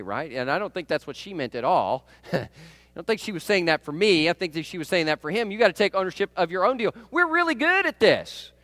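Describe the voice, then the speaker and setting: A male pastor delivers a chatty sermon with a fairly high voice that leaps up and down constantly, checking in with his listeners and chuckling at his own anecdotes. The sound is close and dry, with no room echo. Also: a bit bright. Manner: conversational, keeps asking the audience "right?"; laughs at his own stories.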